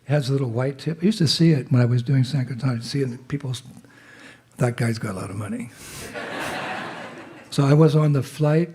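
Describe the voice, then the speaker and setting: A visiting monk with a cold tells a chatty story at an informal temple gathering, clearing his throat now and then. His mid-range voice is warm and brisk, and he laughs as he leads call-and-response jai cheers. Slight background noise is present.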